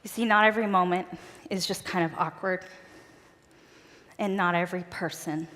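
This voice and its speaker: A woman's voice: fairly low pitch, steady tone, moderate pace, a bit bright. A woman telling personal stories in an earnest, conversational way as a speaker at a church event. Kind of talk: personal storytelling talk. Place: church auditorium stage. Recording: long reverb of a large church hall.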